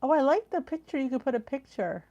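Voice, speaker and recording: A woman's voice: high voice, big pitch swings, fast talker, mellow, lo-fi sound. A chatty middle-aged woman hosting a live cooking stream from home over a video call. She reads viewer comments aloud, gasps and trails off mid-thought, and sounds tired and yawny from the heat. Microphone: computer on a video call.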